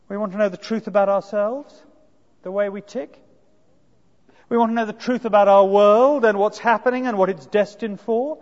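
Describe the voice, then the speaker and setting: A man with a notably high voice delivers an earnest expository sermon, leaning on rhetorical tag questions. The sound is dull and lo-fi. A long hall reverb trails after his words. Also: steady tone, normal speed, a little mellow. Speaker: preacher.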